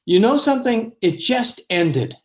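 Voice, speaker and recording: A man's voice: very high-pitched, sing-song, measured pace, pitched above the performer's own voice, heavily acted. A man voicing a cheerful, playful older Zen teacher, light-hearted and delighted.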